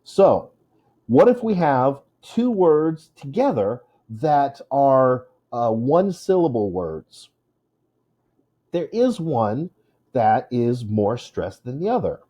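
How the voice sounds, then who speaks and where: A man's voice: medium pitch, big pitch swings, slow pace, warm tone, muffled recording. A male English teacher giving a recorded lesson, joking with his class and drawing out syllables to show which one is stressed.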